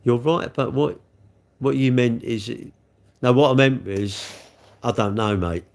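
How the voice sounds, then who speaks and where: A middle-aged English man with a gravelly, creaky edge and a mid-range pitch, talking casually on a livestream. He rambles from comment to comment, answering questions and poking fun at himself. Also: a little slow, a little mellow. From England. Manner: rambling, chatty, self-mocking. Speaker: livestream host.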